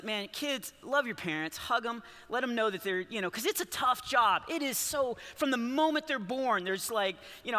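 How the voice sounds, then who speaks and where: A man's voice: high-pitched, pushed and bright. A man in his forties doing a rambling, self-interrupting stand-up comedy set for a church service, chuckling through his stories. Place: large church auditorium. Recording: long hall reverb.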